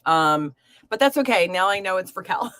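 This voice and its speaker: A woman's voice: medium pitch, animated, moderate pace, dry recording. A woman hosting a live tarot reading stream, talking casually to viewers with lots of fillers and pet names. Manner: chatty, warm to viewers, filler-heavy.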